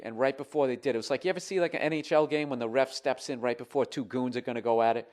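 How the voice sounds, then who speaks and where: A man telling a comic story in an exasperated, animated way, swearing often. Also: medium pitch, fast, few pauses. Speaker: comedian.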